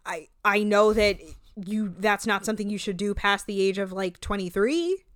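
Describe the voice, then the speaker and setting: Opinionated woman host, smooth voice, casual swearing recap chat. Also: mid-range voice, normal speed, no echo, studio quality. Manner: blunt, opinionated, swears freely, many "like"s. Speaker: podcast host.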